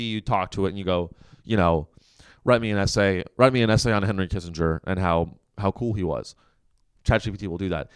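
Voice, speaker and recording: A man's voice: on the low side, clear, resonant tone, no room sound, studio quality. Sarcastic, rambling male podcast host. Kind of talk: comedic monologue. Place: coworking office.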